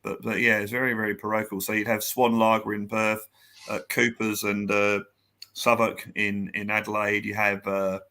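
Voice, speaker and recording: Rambling, laughing man on a fan podcast, bright and forward tone. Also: lowish voice, level tone, moderate pace. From Australia. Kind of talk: casual chat.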